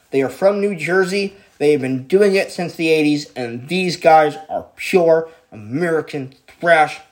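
A man counting down his favorite bands in a casual, excitable way, swearing freely and repeating himself. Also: fairly high pitch. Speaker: music vlogger ranking bands.

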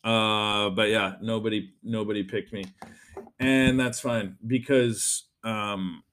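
A man's voice: on the low side, fairly even intonation, slow, fairly bright tone, a little hiss or hum. A man hosting a podcast and talking in a rambling, chatty monologue, often swearing. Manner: rambling, chatty and profane, with frequent fillers. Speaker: podcast host. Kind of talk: casual solo monologue.

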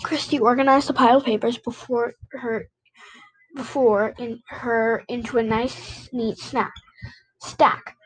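A woman's voice: on the high side, fairly even intonation, measured pace, a little hiss or hum, low-quality recording. A woman reading a children's novel aloud, with slips and rereads as she goes. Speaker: reader.

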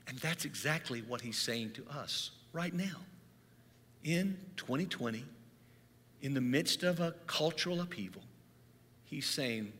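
Bright-voiced preacher in a reverberant hall. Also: male voice, mid-range voice, lively intonation, a little slow, a little hiss or hum. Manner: earnest storytelling preacher, rises in intensity. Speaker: pastor. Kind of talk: sermon.

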